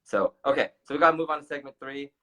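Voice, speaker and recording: Bright-voiced chatty male co-host. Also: medium pitch, fast talker. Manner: chatty, agreeable, laughs easily. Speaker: podcast co-host. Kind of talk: casual talk show chat.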